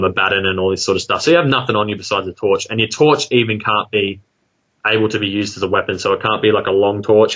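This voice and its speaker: An Australian man tells a long personal story in a loose, rambling way, packed with fillers and asides. His voice sits on the low side. The audio is dull and lo-fi, like a call recording. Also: fairly bright tone. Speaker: guest telling an encounter story. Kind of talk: casual storytelling.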